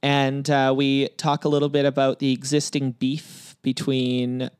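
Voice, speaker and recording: Smooth-voiced man hosting a podcast. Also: mid-range voice, completely flat delivery, unhurried, dry recording, studio quality. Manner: joking, rambling with many fillers. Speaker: podcast co-host. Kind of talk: casual podcast chat.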